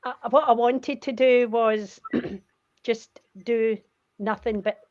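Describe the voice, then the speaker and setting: This guest on a casual video call is an older woman from Scotland who once worked as a career coach. Her fairly high, slightly mellow voice stays fairly even as she chats, tells stories and laughs easily, with muffled lo-fi audio.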